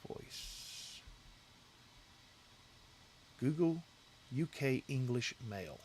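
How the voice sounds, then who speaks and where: A man's voice: medium pitch, very animated, very slow, a little mellow, a little hiss or hum. A man hosting a casual livestream, rambling and talking straight to his chat viewers from a home setup. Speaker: livestream host.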